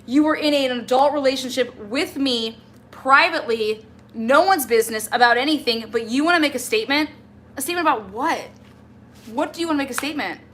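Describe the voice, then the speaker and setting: This livestream host vents in a brisk, high, fairly bright voice. Exasperated and combative, she addresses someone who isn't present as if they were right there.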